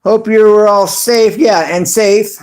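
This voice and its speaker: A man's voice: sits high, fairly even intonation, darkish tone. A man hosting a casual livestream, reading viewer comments aloud with lots of fillers and little chuckles. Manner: reads chat aloud haltingly with many fillers and chuckles. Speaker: livestream host.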